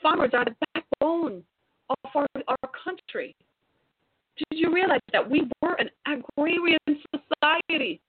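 A woman's voice: sits high, lively intonation, unhurried, slight background noise. A woman delivering an impassioned monologue straight to viewers, preachy and exhorting, full of rhetorical questions. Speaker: commentator. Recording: tinny phone-like sound.

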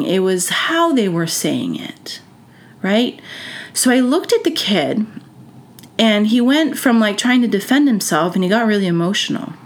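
A woman hosting a podcast, telling a school story in a chatty way, full of fillers, acting out what others said. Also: medium pitch. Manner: chatty, full of "like" and "you know", acts out quoted voices. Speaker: podcast host. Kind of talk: storytelling monologue.

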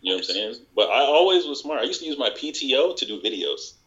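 A man guest on a podcast, telling work stories in casual chat and acting out the people he quotes in higher voices. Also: big pitch swings, fast, a bit bright, lo-fi sound.

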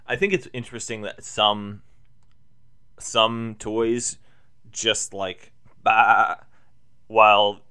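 Jokey man with a bright, forceful voice. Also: fairly low pitch, level tone, slow, pauses often, smooth. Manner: jokey, trailing off into quiet asides. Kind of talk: casual chat.

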